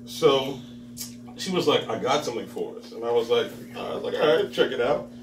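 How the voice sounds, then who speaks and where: On stage at a bar open mic, a man in his thirties spins a wandering comedy story, chuckling at his own jokes and acting out each person. His mid-range voice is animated and fairly quick. Background noise and the crowd come through a roomy, far-off mic.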